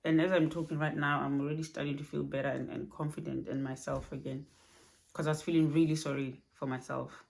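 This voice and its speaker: A woman speaking softly and haltingly in a personal vlog recorded at home at night, low on energy. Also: little pitch movement, creaky. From Australia. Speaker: vlogger.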